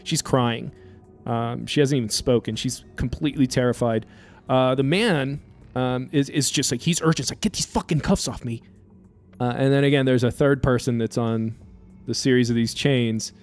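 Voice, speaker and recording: A man running a tabletop game as game master, narrating the scene in a halting way full of fillers. His voice sits at a middling pitch, with faint music behind. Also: fairly even intonation, darkish tone, clear, resonant tone.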